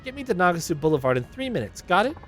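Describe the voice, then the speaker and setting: A man's voice: big pitch swings, very fast, a bit bright, soft background music. A man reading game lines aloud, voicing a rude, impatient woman passenger who nags and complains. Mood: irritated. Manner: shrill, nagging, huffy.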